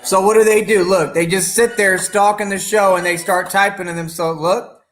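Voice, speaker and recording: Man, online show host, defiant profane rant, high bright voice, echoey room, faint music behind. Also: steady tone, normal speed. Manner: defiant, boastful, profane and taunting. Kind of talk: ranting live-stream monologue.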